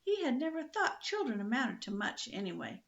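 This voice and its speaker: An older woman reading a children's book aloud in a lively, expressive storytelling manner. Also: fairly high pitch, normal speed, creaky, dull audio.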